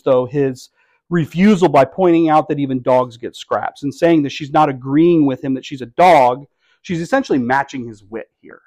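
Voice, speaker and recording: A middle-aged man preaching a sermon as pastor, conversational and wry, with bursts of animated emphasis. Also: fairly high pitch.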